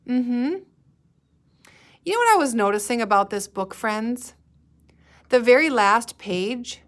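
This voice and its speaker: Slow, patient woman teaching young readers. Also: fairly high pitch, a bit bright. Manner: slow, patient, sounding out words and pausing for answers. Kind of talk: recorded guided-reading lesson for young students.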